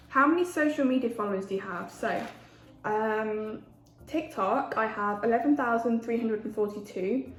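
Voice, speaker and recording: A woman in her 20s speaks at normal speed in a highish voice, eating and chatting casually for her food vlog. It's a relaxed mukbang recorded in an echoey room with faint ambience.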